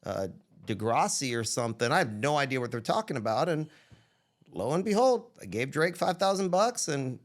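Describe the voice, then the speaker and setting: A man guest from Texas telling stories in a casual interview, animated, acting out quoted dialogue with shifting voice. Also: medium pitch, moderate pace. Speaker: guest entrepreneur.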